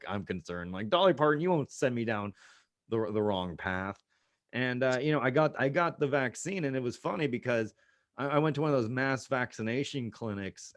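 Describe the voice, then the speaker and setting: Rambling sarcastic comedian on video call. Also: male voice, mid-range voice, a bit bright. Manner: loose, rambling, sarcastic banter with many asides. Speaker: stand-up comedian. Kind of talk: online stand-up set.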